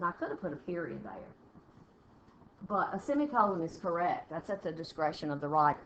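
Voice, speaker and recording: A woman English teacher, walking a class through test punctuation questions step by step and reading example sentences aloud with pauses. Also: lowish voice, animated, fairly bright tone. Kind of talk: classroom test-prep lesson. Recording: dull lo-fi classroom recording with faint noise.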